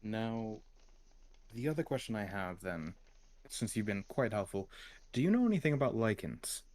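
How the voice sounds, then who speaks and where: A man's voice: on the low side, sing-song, moderate pace, a little mellow. A man playing in a tabletop game, asking questions politely in character. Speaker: player. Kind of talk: tabletop role-play.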